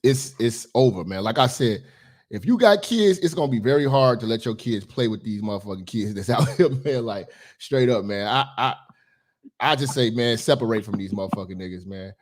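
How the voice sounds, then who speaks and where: Husky guy running a call-in show, talks blunt, voice jumps around a lot, slightly raspy. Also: mid-range voice, fairly quick. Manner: animated, blunt, laughs along with callers. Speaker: podcast host taking calls. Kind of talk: casual call-in commentary.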